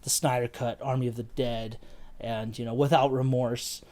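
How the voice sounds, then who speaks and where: A man's voice: medium pitch, little pitch movement, normal speed, darkish tone. An American man co-hosting a casual film review, rambling loosely with fillers and the odd swear. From United States. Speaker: podcast co-host.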